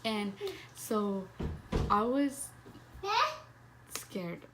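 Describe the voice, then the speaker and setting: A woman's voice: medium pitch, very slow, very noisy. A young woman telling a personal story in a casual vlog, swearing freely and saying "like" constantly. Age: young adult. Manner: casual, profane, heavy use of "like". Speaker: vlogger.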